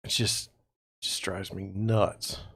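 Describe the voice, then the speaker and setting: A man's voice: low-pitched, flat delivery, slow, a bit bright, slightly rough, no echo, studio quality. A man hosting a real estate livestream, talking in a rambling, exasperated way with sarcastic asides, sounding tired. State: tired, yawning. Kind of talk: casual livestream monologue.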